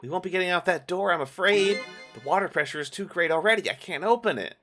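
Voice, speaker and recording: Guy doing a high-voiced earnest lady detective, reassuring, game music under it. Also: fast talker, close to an everyday voice. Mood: explaining. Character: determined young adult woman detective.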